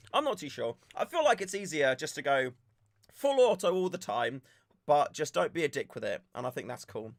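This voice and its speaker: A young man from the UK chatting on a live stream, telling stories with animated back-and-forth retellings. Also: mid-range voice, no echo, studio quality. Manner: animated storytelling, acts out shouted exchanges. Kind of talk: casual live-stream chat.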